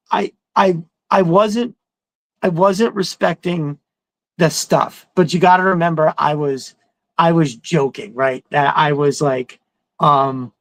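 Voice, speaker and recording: A middle-aged man hosts a podcast, spinning a casual story with plenty of swearing and animated, high-pitched quotes. His voice is slightly high with a gravelly fry, and the recording is dry and close. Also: no room sound, poor audio. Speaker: podcast host.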